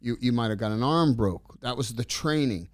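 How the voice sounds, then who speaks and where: A middle-aged man telling stories in a casual interview, rambling and animated as he acts out the dialogue. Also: medium pitch, normal speed, no echo, clean studio sound. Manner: rambling, animated storyteller acting out quoted dialogue. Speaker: interview guest.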